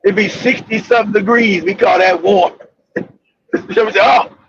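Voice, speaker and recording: A man with a very high, gravelly voice hosts a casual talk show, spinning profane, rambling anecdotes that break into shouts. The audio is dull and lo-fi, with a faint hiss underneath. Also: steady tone, measured pace. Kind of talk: casual storytelling chat.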